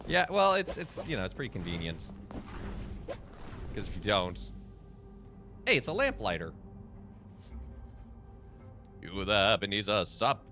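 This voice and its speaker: A man's voice: lowish voice, wildly swooping pitch, normal speed, long pauses, bright, forceful tone, faint music behind. Chatty man streaming a game. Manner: chatty, opinionated, thinking aloud. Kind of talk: casual gameplay commentary.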